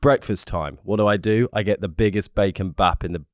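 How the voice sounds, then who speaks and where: A young man, co-hosting a comedy podcast with crude, deadpan banter. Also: on the low side, a little fast, no echo, clean studio sound. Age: young adult. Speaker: podcast co-host. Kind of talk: casual comedic chat.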